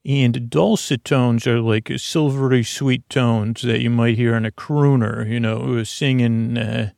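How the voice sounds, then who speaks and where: A man hosting a sleep podcast with a creaky voice, talking in a slow, meandering way with many fillers. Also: medium pitch, steady tone, no echo, clean studio sound. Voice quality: creaky, gravelly voice. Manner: rambling and soft-spoken, with many fillers and restarts. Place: home studio in an apartment. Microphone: prosumer podcast microphone.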